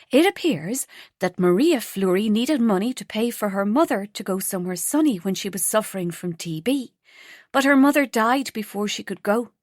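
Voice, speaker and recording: A woman putting on an eager, lovestruck young woman, her voice lifted higher than the narrator's own and bubbling with excitement. She talks quickly and brightly, recorded in a dry, close booth for a storybook. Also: dry recording. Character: lively young woman in love, Rose.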